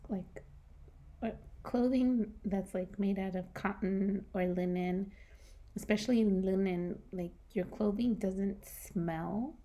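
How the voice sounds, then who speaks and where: A woman losing her voice talks through her monthly budget in a casual, soft-spoken way, sometimes dropping to a whisper, on a new microphone. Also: mid-range voice. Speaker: personal finance vlogger.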